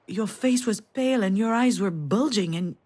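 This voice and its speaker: Soft-spoken tired mom played by a woman, wistful, telling old family stories, mid pitch. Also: moderate pace, natural voice. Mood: tender. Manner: soft, intimate storytelling. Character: middle-aged mother, wistful and weary. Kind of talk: game voice acting.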